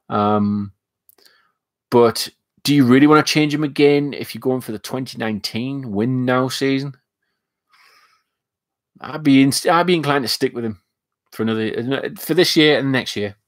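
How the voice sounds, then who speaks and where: A man's voice: medium pitch, dry recording, clean studio sound. Chatty Northern English man on a live stream. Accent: Northern English, mixing northwest and northeast. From north of England. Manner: rambling and chatty, with frequent fillers and restarts. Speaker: live stream host reading chat. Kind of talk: casual live stream chat.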